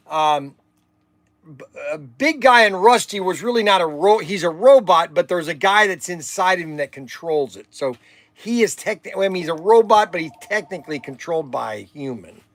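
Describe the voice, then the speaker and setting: A man's voice: sits high, expressive, moderate pace, dry recording. An older man hosting a livestream, rambling and exasperated, sighing while he chats. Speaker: livestream host.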